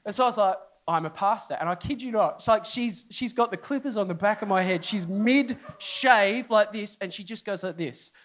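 With a high-pitched voice at normal speed and hardly any pauses, a middle-aged pastor tells a humorous story to his congregation in a church hall. He's lively on stage, impersonating the characters and jumping his voice up for their inner outbursts.

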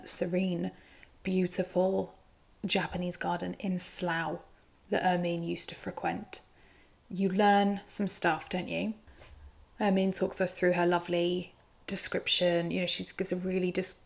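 Wry, gravelly-voiced woman chatting. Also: fairly low pitch. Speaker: show recap host. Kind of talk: casual commentary recap.

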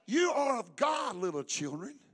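High, bright-voiced preaching pastor. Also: male voice, big pitch swings, a little slow, slightly rough. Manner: fervent, emphatic preaching with call-and-response prompts. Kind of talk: sermon. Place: church service.

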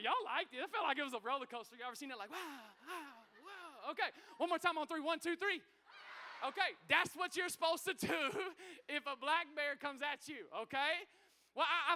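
A man preaching a sermon as pastor, energetic and folksy, calling out to the congregation in a church. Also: very high voice. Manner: conversational, folksy asides.

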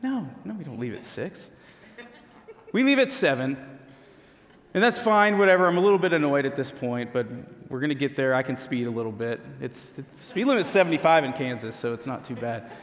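A man's voice: mid-range voice, lively intonation, fairly quick. A man, a pastor, telling a humorous personal story in a conversational sermon. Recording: long hall reverb.

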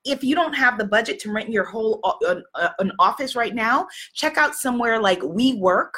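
A woman's voice: a little high, animated, moderate pace, sharp tone, slightly rough. A woman business coach chatting casually to her audience, rambling with many fillers and restarts.

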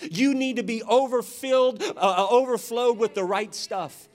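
A man preaching a sermon, telling a personal story with animated delivery and acted-out voices. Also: very high-pitched, normal speed. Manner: animated, acts out voices in his stories. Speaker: pastor.

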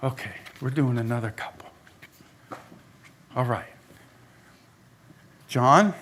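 A male pastor preaching a lively sermon in a church, talking straight to the congregation. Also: medium pitch, slow pace, a little hiss or hum. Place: church sanctuary.

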